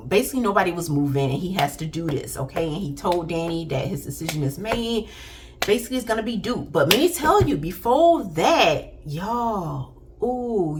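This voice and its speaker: A woman recapping a TV episode in animated, dramatic casual chat, talking straight to her viewers. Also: medium pitch, background noise. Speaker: faith TV recap vlogger. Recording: music playing behind.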